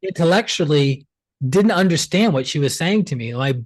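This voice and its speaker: A man, a healer, telling his story as an interview guest in a chatty, animated way, often using "like" and acting out what others said. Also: fairly high pitch, normal speed, dry recording. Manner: chatty and animated, acts out quoted dialogue, many "like" fillers. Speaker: pranic healer, podcast guest.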